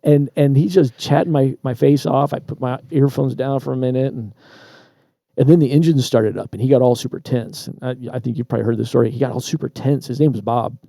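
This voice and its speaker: A man co-hosting a podcast, casually telling a personal story with lively asides and repeated words. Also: mid-range voice, a little fast, creaky, dry recording, studio quality. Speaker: podcast co-host. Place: Traverse City, Michigan.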